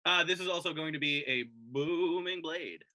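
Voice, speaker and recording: A man playing a tabletop game, calling out his rolls in casual chat and getting loud when excited. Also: fairly high pitch, moderate pace. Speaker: player.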